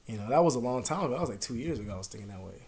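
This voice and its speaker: A young man talks loosely to his camera at home, swearing freely and rambling from one thought to the next. His voice sits in a plain middle register. It dips to a low mutter and then breaks out loud again. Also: lively intonation, rapid-fire, slightly rough. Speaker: vlogger. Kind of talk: casual confessional talk to camera.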